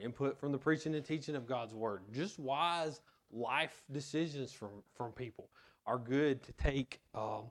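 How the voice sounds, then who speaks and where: Male pastor, sermon, earnest, plain mid-range voice, tells stories from the pulpit. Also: mid-range voice. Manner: earnest, tells personal anecdotes.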